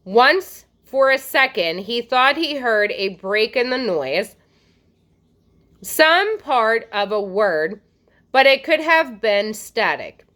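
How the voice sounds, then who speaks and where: A woman teacher reads a novel aloud in an expressive storytelling manner. Her voice sits high and bright. Her pitch moves with a lot of life. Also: takes it slowly.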